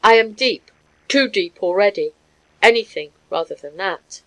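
A woman voicing a passionate Russian man who speaks gravely and pleads earnestly. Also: medium pitch, lively intonation, unhurried, low-quality recording. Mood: pleading.

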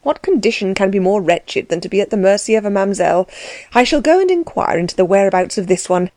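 Woman reading imperious elderly princess, haughty, decisive, mellow tone, dry sound. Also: medium pitch, lively intonation, fast, dry recording, close to an everyday voice.

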